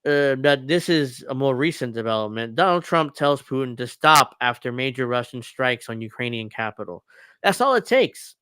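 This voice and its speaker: A man's voice: medium pitch, normal speed, hardly any pauses, fairly bright tone, clean tone, no echo. A man hosting a casual political commentary show, reading news articles aloud and riffing on them sarcastically. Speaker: podcast host.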